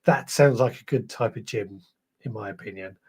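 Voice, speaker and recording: A male podcast host reads viewer comments on a live stream, chatty and rambling, correcting himself and sounding a little tired. His voice is lowish, gravelly and husky with a darkish tone, at a moderate pace.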